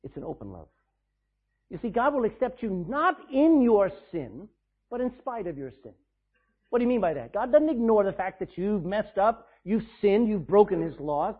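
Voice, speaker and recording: A man preaching a sermon to his congregation, reading scripture slowly and swinging between loud emphasis and quiet asides. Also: high voice, very animated, husky. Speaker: pastor. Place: church sanctuary. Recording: tinny phone-like sound.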